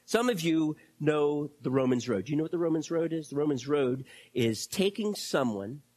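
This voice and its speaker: Pastor delivering a sermon, husky voice with a lively, swinging pitch; unhurried and dramatic. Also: no echo. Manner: animated, repeats words, drops to a hush for quotes.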